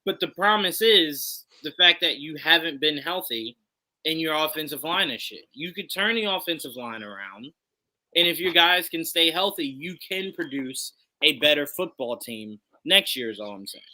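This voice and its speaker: Male co-host who argues his point with rhetorical questions, high piercing bright voice. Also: expressive, normal speed. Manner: emphatic, poses and answers his own rhetorical questions. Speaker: podcast co-host. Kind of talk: casual live sports chat.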